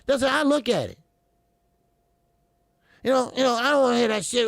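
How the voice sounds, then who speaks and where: A man with a high voice and a heavy gravelly fry rants about boxing as a channel host. He is profane, repeats himself, and mocks as he goes. The sound is dry and close. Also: animated, normal speed, fairly bright tone, no room sound. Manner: profane, repetitive, mocking, fiery. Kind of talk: heated commentary monologue.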